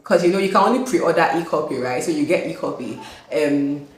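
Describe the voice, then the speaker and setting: A Nigerian woman in her young adult years talks in an excited, repetitive vlog style, often breaking into laughter. Her voice sits a little low. The room is echoey, with a faint hum underneath. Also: a little fast. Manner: exuberant, repeats herself, laughs often. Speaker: author and vlogger.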